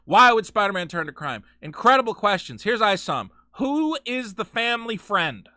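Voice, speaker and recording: A man's voice: high-pitched, very animated, moderate pace, bright, forceful tone, dry recording, studio quality. A man hosting a live game stream, ranting with profane, sarcastic commentary from his home setup. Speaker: streamer host.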